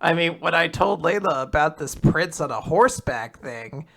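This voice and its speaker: Bright-voiced man retelling a story. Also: on the high side, normal speed, gravelly. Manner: animated storyteller, laughs often, acts out quotes. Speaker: podcast co-host. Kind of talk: casual manga recap.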